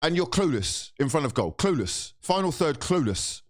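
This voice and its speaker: Furious sweary young football fan. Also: male voice, on the high side, big pitch swings, moderate pace. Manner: exasperated, sweary, swings between shouting and muttering. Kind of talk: angry fan reaction rant.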